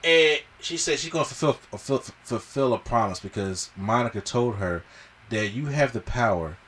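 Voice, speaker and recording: With a medium-pitched, slightly rough voice at a moderate pace, the host is recorded far from the mic. His casual podcast movie review is an animated retelling in which he plays out the characters' lines.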